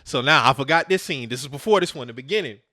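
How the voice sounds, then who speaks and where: A man's voice: medium pitch, animated, fast talker, bright, forceful tone, no echo. A man co-hosting a podcast, retelling movie scenes in casual, profane chat and acting out the characters' lines. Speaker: podcast co-host.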